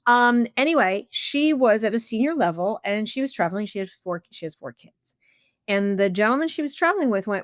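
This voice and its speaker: Podcast host, woman, mid-pitched, chatty anecdotal delivery, dry close sound. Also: lively intonation, brisk, dry recording. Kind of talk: casual conversational interview.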